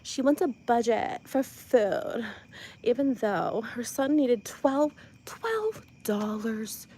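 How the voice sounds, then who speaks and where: A giggly woman from Ohio rambles through comedic commentary, stammering and losing her train of thought. Her voice sits a little high and bounces lively up and down. She talks outdoors by her porch with a faint hum of surroundings behind her. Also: slow, poor audio.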